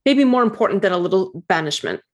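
Brief: woman voicing a cocky, cussing psychic agent, mid-pitched. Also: expressive, quick pace, close to an everyday voice. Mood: bluffing. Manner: streetwise, pushy, casual swearing. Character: brash female psychic agent in disguise.

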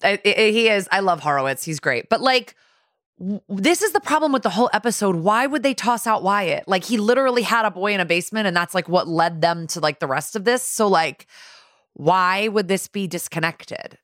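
A woman's voice: medium pitch, expressive, normal speed, fairly bright tone, no room sound, clean studio sound. A woman co-hosting a podcast in casual chat, rambling and saying "like" a lot. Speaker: podcast co-host.

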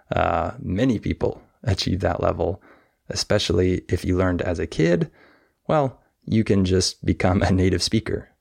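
A man with a low voice and a gravelly edge teaches English pronunciation at an unhurried pace. He explains patiently and models example words with exaggerated stress. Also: darkish tone. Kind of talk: podcast lesson.

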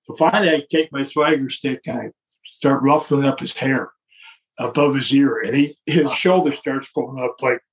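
A gravelly older man spins a lively story in casual conversation. He acts out what everyone said and laughs through the punchlines. His voice sits at a middling pitch with a rough edge. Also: moderate pace, recorded from a distance. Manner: animated anecdote with acted-out quotes and chuckles. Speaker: guest telling a wrestling story.

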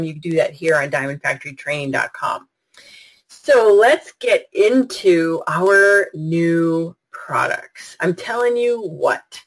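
Gushy chatty woman running a live webinar, super excited, talks straight to the chat. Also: fairly low pitch, rough recording. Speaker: webinar host. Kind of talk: live online product webinar.

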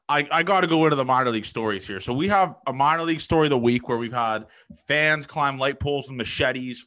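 A man's voice: a little high, bright, forceful tone. A man hosting a casual podcast chat, laid-back and slangy, often saying "dude". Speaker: podcast host.

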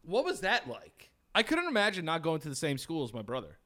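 Young man, bright tense voice, animated pitch, teasing, casual podcast banter. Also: brisk. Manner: joking, teasing, swears. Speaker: podcast co-host. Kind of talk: casual chat.

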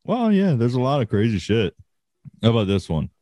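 A man's voice: medium pitch, big pitch swings, a little fast, warm tone, no room sound. A man chatting casually on a podcast, swearing freely and laughing often. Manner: profane, laid-back, laughs often. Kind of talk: casual chat.

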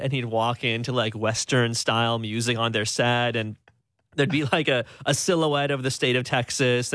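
A man co-hosting a sports radio show, telling stories in an animated way and laughing often. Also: medium pitch, no echo, studio quality. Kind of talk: casual sports talk.

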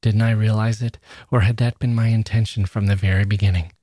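A man, a podcast host, giving a measured and expressive first-person reading of a literary short story. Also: lowish voice, no room sound, studio quality.

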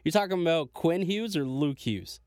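A man's voice: a little high, lively intonation, normal speed, darkish tone, dry recording. A male podcast host, eager and easy to laugh, who asks his guest questions in casual chat. His voice sounds close and dry.

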